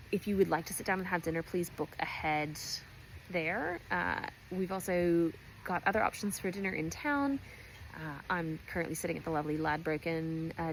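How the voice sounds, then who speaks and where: A woman's voice: fairly low pitch, slight background noise, poor audio. A woman, a race organiser giving a chatty, playful briefing, recorded at a distillery pizzeria. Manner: chatty, playful, self-mocking. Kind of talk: casual race briefing video.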